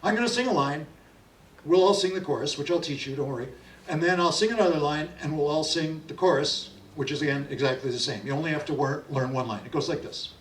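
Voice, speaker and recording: A middle-aged man tells stories in a chatty, folksy way, coaching an audience through a sing-along. His voice is bright and forceful, a little high for a man. It is heard from a distance in an echoey room. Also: quick pace. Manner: chatty and folksy, leads call-and-response singing. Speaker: folk singer and storyteller. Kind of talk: storytelling and leading a sing-along. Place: library event space. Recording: roomy sound from a distant mic.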